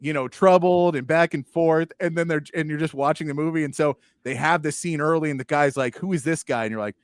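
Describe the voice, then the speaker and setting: Animated man on a sports talk show. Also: a little high, a little fast, smooth, no echo, studio quality. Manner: animated, mocking, acts out movie lines. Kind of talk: casual chat.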